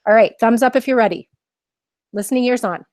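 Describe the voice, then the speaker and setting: A woman's voice: fairly high pitch, a little fast, a little mellow, no echo. Woman teacher, mindfulness lesson for kids, encouraging, many questions, dry close sound. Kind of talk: live online lesson for children.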